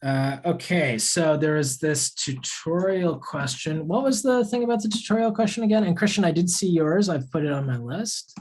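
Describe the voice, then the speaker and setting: A man's voice: on the high side, animated, moderate pace, few pauses, a little mellow. A young man teaching a live online math lesson in a casual way, answering student questions as he works through problems. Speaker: course instructor.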